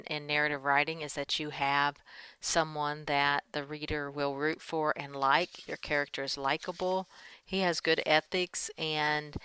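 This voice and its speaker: A woman teacher recording feedback on a student's story, reading passages aloud and commenting calmly. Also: low voice, smooth, no room sound, rough recording. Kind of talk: screen-recorded writing feedback.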